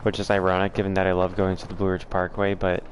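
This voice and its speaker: Man, livestream host, casual chat, somewhat low pitch, rambling, frank, filler-heavy. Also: monotone, fast talker, a little hiss or hum. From southern United States. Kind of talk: casual chat answering viewers.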